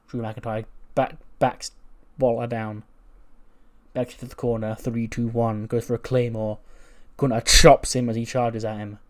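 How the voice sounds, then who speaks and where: A man's voice: mid-range voice, darkish tone. A man hosting a game channel, casually recapping simulated wrestling matches with blunt, swearing commentary.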